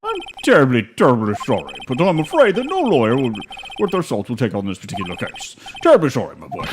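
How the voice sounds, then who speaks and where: A woman voicing a pompous, evasive old male lawyer in a playful game voice-over, with hems and throat-clearing. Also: rumbling low, wildly swooping pitch, fast, background noise, heavily acted. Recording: stream audio over loud game music.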